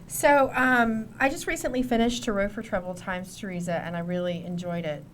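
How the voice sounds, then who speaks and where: A woman's voice: medium pitch, steady tone, a little fast, a little hiss or hum. A woman sitting in on a podcast who asks the guest a question, with a hesitant "um" here and there. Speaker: guest interviewer.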